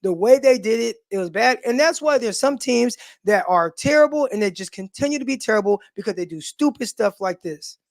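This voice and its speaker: A man's voice: extremely high pitch, lively intonation, brisk, creaky, hardly any pauses, no room sound, studio quality. Blunt, opinionated man in sports talk. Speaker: podcast co-host.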